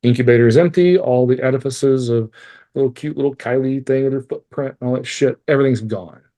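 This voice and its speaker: A man's voice: mid-range voice, fairly quick, dark tone. A man, a podcast guest, telling a painful personal story with candid swearing and wry laughs. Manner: candid and emotional, swears freely; laughs through hard memories.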